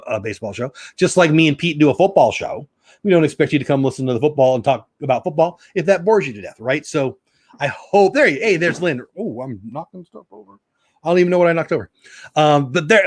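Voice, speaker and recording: Middle-aged male streamer, quick and chatty, a bit high, close dry mic; casual live-stream host. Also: dry recording. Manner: chatty, greets chat viewers by name.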